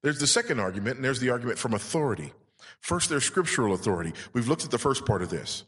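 A man's voice: medium pitch, very animated, fast, fairly bright tone, breathy edge. A male pastor preaching a sermon with emphasis, putting rhetorical questions to his congregation. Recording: long reverb in a large hall.

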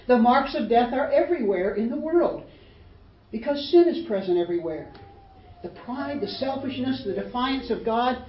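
A woman preaching a sermon with dramatic swings, acting out the voices of the people in the story and building to loud peaks. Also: on the high side, expressive, normal speed. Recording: roomy, distant, muffled hall recording.

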